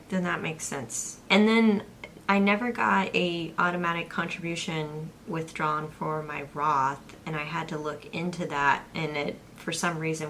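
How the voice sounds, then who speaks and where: A young woman with a slightly low voice, chatting casually as she walks through her monthly budget line by line. A faint hum of background noise sits under her voice. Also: fairly bright tone. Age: young adult. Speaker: personal finance vlogger, co-host. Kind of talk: casual chat.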